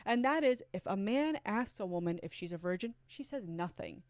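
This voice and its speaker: A woman in her forties telling her own story earnestly, swinging from loud urgency to hushed asides. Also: mid-range voice, animated, normal speed, dry recording. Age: 40s. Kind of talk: confessional storytelling.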